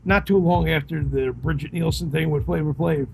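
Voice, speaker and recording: A man's voice: a little high, fairly even intonation, normal speed, creaky, a little hiss or hum. A man co-hosting a podcast, chatting casually about rock music in a laid-back, agreeable way. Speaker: podcast co-host.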